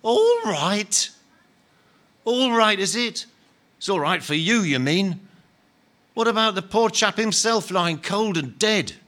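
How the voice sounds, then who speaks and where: A man reading aloud and voicing a big, indignant male ghost who shouts bitter accusations. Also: big pitch swings, takes it slowly, pauses often, heavily acted. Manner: loud, accusing, high-pitched outbursts.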